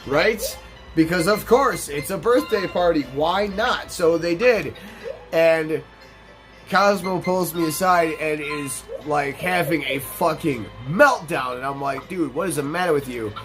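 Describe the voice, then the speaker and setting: A man's voice: on the high side, slow pace, over music. A young man hosting a let's play, rambling through casual, profane gameplay commentary and stories.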